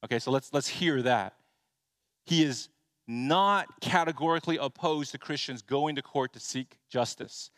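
A man's voice: mid-range voice, unhurried, fairly bright tone, dry recording, studio quality. A man preaching an expository sermon as a pastor, earnest and emphatic, with rhetorical questions and frequent restarts.

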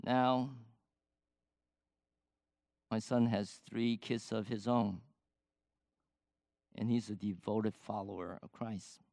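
Slow, measured older male preacher. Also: fairly low pitch, fairly even intonation, creaky, darkish tone, dry recording, studio quality. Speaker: pastor. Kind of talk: sermon.

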